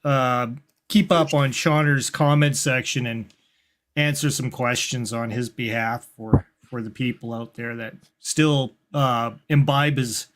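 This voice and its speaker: Man speaking measured in group chat. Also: mid-range voice, steady tone, noisy background. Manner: measured, stumbling starts. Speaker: podcast co-host.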